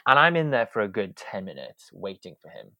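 A man's voice: fairly low pitch, sing-song, a little fast, bright, forceful tone, no echo. A young man, a podcast guest, telling a story animatedly and acting out the quotes with drama. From Wales. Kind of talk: casual storytelling.

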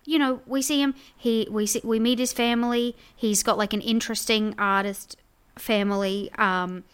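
A young woman co-hosting a casual chat, telling stories in an animated way and slipping into voices when she quotes people. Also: a little high, normal speed, clean tone. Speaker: podcast co-host. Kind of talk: casual chat recapping a reality show.

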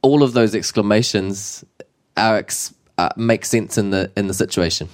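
A man with a New Zealand accent teaching te reo Māori in a casual, playful lesson, mixing Māori and English with lively exclamations. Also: lowish voice, moderate pace.

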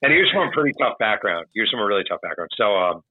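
Lower-voiced man telling stories over a tinny line. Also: rapid-fire. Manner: animated anecdotal storyteller, acts out quotes. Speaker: author guest. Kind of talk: casual storytelling. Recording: dry tinny call audio.

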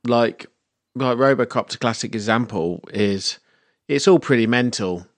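A man's voice: medium pitch, a little slow, no echo. A man co-hosting a podcast, making dry joking asides. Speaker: podcast co-host. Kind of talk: casual film chat.

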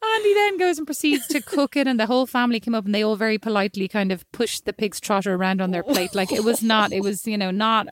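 An Irish woman telling a long, animated, self-mocking story in casual chat, often slipping into quoted voices. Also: on the high side, quick pace, few pauses, no echo. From Ireland.

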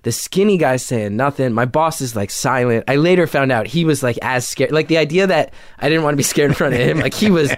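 A comedian from New Jersey telling a story in casual conversation, animated and full of filler words. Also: male voice, medium pitch, brisk, few pauses, dry recording, studio quality. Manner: animated, acts out quotes, many filler "like"s. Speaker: comedian guest.

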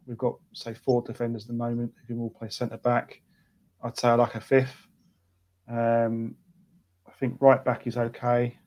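Hesitant man, flat delivery. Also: mid-range voice, normal speed. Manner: hesitant, many ums, restarts. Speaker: guest, fan channel presenter. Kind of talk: casual podcast interview.

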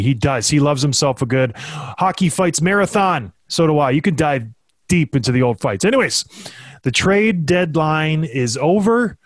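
A man's voice: fairly high pitch, dry recording. A man hosting a casual podcast, a former hockey player who talks in a joking, self-deprecating way.

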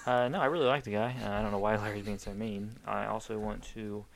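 A young American man chats loosely on a podcast, his voice sitting low with a gravelly edge. He rambles, swears freely and jokes with his co-host. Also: fairly even intonation, quick pace. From United States. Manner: rambling, profane, joking. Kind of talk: casual chat.

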